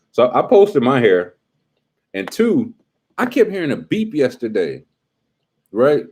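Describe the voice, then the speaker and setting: A man's voice: on the low side, darkish tone. A young adult man hosting a casual live stream, teasing and talking straight to his chat in slangy speech.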